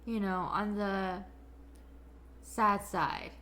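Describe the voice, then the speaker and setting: A young woman hosting a live stream, chatting excitably and swearing freely. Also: medium pitch, extremely slow. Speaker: streamer host. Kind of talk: casual chat.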